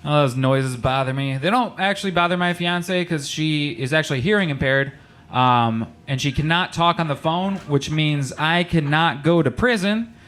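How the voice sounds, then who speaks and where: A young man from Michigan doing a stand-up comedy set, with deadpan punchlines and quick put-on voices for the people in his stories. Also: a little high. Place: small comedy club with live audience.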